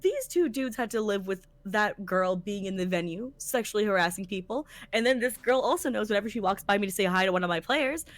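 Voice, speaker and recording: In a casual chat, a woman co-host recounts a story as a tournament organizer, emphatic and animated, swearing a lot. Her medium-pitched voice runs a little fast with few pauses, and there's no room sound.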